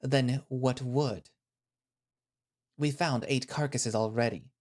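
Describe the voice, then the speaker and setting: A man playing a cold, scornful male settlement leader who speaks slowly and condescendingly, with cutting remarks. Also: medium pitch, fairly even intonation, darkish tone, natural voice. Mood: contemptuous.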